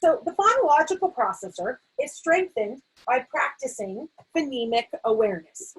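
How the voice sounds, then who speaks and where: A woman's voice: high voice, very animated, moderate pace, few pauses, husky, rough recording. A middle-aged American woman, a literacy educator, explaining a teaching framework in an explanatory way with frequent fillers and restarts.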